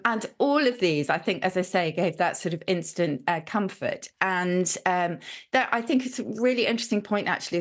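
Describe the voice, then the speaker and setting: A woman speaking as an enthusiastic language expert guest in a live TV interview, chatty with frequent ums. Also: on the low side. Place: TV studio.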